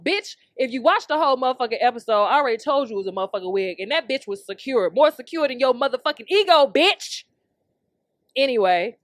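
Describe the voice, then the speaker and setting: A young woman hosting her own podcast, ranting in a brash, heated way and swearing at nearly every turn. Her voice sits a little high, and it is recorded dry with no room sound. She breaks into laughter often. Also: no room sound. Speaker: podcast host. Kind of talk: profane comedic rant.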